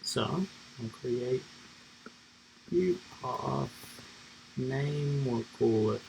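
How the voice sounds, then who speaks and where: A man's voice: medium pitch, steady tone, drawn-out words, creaky, a little mellow, slight background noise, poor audio. A man streaming himself coding live, thinking aloud in a rambling, casual way with lots of fillers.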